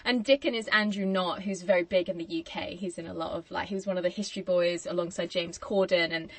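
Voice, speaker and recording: A woman's voice: lowish voice, fairly even intonation, fast, no echo. Chatty woman, dry close sound. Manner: chatty, laughs often, acts out quotes. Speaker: podcast host. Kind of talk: casual film discussion.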